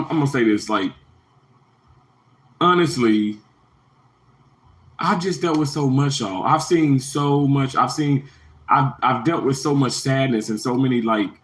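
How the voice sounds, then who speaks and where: A man's voice: fairly bright tone, low-quality recording. Earnest man in his thirties, livestreaming. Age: 30s. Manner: repetitive, earnest, greets chat viewers in a higher voice. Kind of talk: motivational livestream talk to viewers.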